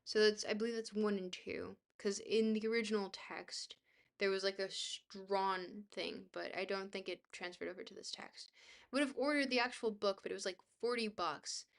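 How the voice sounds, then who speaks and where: A woman's voice: mid-range voice, fairly even intonation, normal speed, gravelly. Woman reading a book aloud on stream. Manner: stumbles over hard words and restarts them; blunt, offhand asides between passages. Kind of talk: livestream read-aloud with casual asides.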